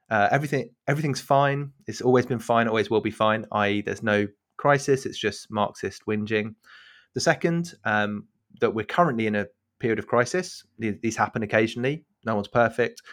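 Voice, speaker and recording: A man's voice: fairly low pitch, fairly bright tone. A man co-hosting a discussion podcast, talking in a wry, hesitant way with many fillers. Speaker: podcast co-host. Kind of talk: casual discussion.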